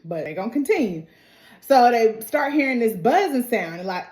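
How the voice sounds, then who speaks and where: A woman's voice: a little high, big pitch swings, normal speed, darkish tone. A woman giving a casual, slangy recap of a TV episode, retelling the scenes and quoting the characters' lines. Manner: chatty, slangy, retells scenes with quoted dialogue. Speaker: TV recap vlogger. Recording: roomy echo.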